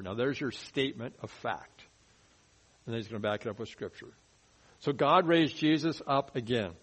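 A man teaching verse by verse through a Bible passage in a conversational sermon, often dropping his voice low to stress a point. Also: poor audio. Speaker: pastor. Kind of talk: expository sermon.

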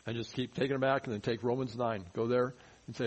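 A man teaching verse by verse through a Bible passage in a conversational sermon, often dropping his voice low to stress a point. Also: level tone, fast, lo-fi sound. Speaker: pastor. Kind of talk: expository sermon.

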